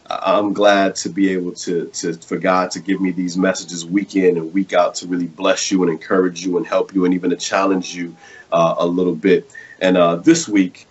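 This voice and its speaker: A man with a lowish voice hosts a live online show and preaches a short message. He talks casually with fillers and restarts, then builds into a sermon of repeated rhetorical questions. Faint music plays behind him. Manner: preacherly, repetitive rhetorical questions, rising intensity. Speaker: host.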